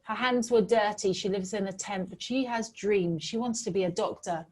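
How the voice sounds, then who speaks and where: Middle-aged woman from britain giving a talk, earnest storyteller, average pitch. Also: normal speed, darkish tone. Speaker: public speaker. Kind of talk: talk with slides.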